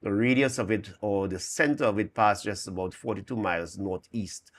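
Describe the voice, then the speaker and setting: A man's voice: fairly low pitch, moderate pace. A man with a Trinidad and Tobago accent, an emergency official giving a detailed, figure-laden update in a morning show interview.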